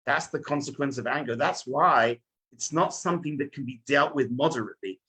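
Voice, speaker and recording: A man teaching as a rabbi in a lively sermon, telling stories and speaking straight to his listeners. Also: mid-range voice, fairly quick, breathy edge. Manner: animated storytelling, addresses listeners directly.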